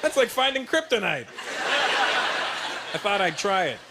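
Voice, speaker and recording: High-voiced man doing animated stand-up. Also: measured pace. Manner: animated storytelling, jumping into voices. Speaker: stand-up comedian. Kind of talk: stand-up comedy routine. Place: stage in front of a live audience. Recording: loud background noise.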